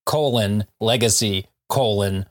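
A man's voice: lowish voice, unhurried. A man co-hosting a comic book podcast, recapping issues in a casual, jokey way with frequent laughs and asides. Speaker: podcast co-host.

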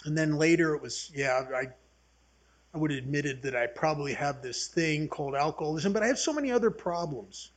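A man's voice: fairly high pitch, animated, brisk. A man in his seventies leading a recovery workshop, talking earnestly and telling folksy stories to a group. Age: 70s. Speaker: AA workshop speaker.

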